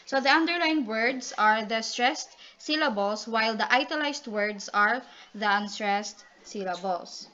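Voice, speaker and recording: Speaking at a measured pace in a sharp, high-leaning voice, a student reporter walks the class through a poetry presentation. She calls on classmates by name, and the recording is dull and lo-fi.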